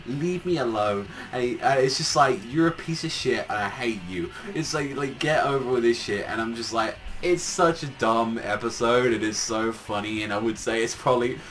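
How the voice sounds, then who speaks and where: Young guy ranting casually, lots of swearing, goofy mock voices, mid-pitched. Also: normal speed, few pauses, fairly bright tone. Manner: rambling, profane, mocking voices of characters. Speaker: anime reviewer. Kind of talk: casual spoken review.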